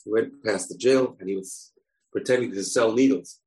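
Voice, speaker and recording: A man teaching through an animated storytelling lesson. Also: lowish voice, moderate pace, low-quality recording.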